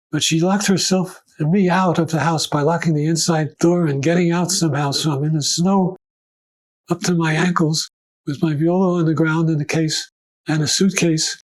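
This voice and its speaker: Older male storyteller, oral history; brightish pitch, acts out dialogue, soft violin bed. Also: rough recording. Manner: animated anecdotes, acting out quoted voices.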